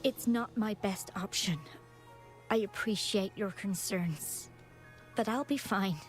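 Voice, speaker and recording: A woman's voice: medium pitch, faint music behind, lightly acted. A woman voicing a frail, weary young woman. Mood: tired. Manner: soft, slow and tired. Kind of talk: game character dialogue.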